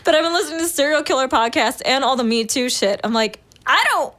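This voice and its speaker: A woman with a bright, forceful voice pitched a little high talks candidly as a podcast guest. She laughs often and fills her sentences with "like" and "um". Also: quick pace. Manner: candid and laughing, frequent fillers. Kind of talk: casual chat.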